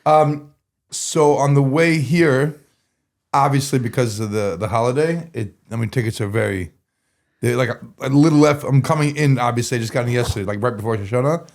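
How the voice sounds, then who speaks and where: A man with a mid-range, darkish voice tells a story as a podcast guest, talking fairly quickly. He rambles casually, full of "like" and restarts.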